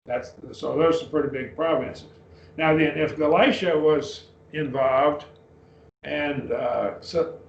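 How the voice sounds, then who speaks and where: A man's voice: on the high side, steady tone, slow, gravelly, dull audio, slight background noise. Man teaching a Bible class, echoey and distant. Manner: explanatory, checks with "okay?". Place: church classroom.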